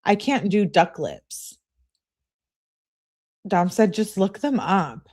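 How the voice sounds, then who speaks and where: Female commentator, animated delivery, reads texts aloud with a sarcastic edge. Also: mid-range voice, takes it slowly, pauses often. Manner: sarcastic, mocking asides. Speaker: true crime commentator. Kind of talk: reading text messages aloud with commentary.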